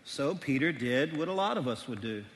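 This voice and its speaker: A middle-aged man, preaching a sermon as pastor, telling stories animatedly and swinging between loud and hushed. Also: mid-range voice, lively intonation, normal speed, slight background noise. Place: church auditorium. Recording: long reverb of a large hall.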